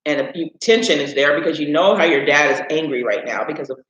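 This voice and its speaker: A man with a fairly high voice, from Illinois, hosts a live stream and tells a long, meandering family story. He keeps looping back with "anyways" and "right?". The sound is dull and echoes around the room. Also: fast, a bit bright. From Illinois, USA. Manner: rambling, with frequent "anyways" and "right?". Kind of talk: casual storytelling.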